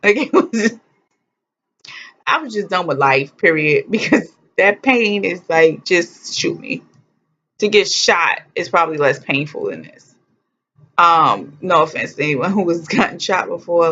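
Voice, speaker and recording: Lower-voiced woman, blunt and funny. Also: creaky, sharp tone. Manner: humorous, blunt, swears freely. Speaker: vlogger telling her birth story. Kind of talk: candid personal storytelling. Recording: dull lo-fi sound.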